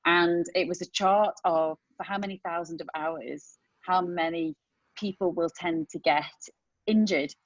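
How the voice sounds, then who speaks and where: A woman talking as a medical guest on a podcast, emphatic and animated as she explains. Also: lowish voice, measured pace, no room sound. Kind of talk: casual podcast chat. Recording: dull dry podcast audio.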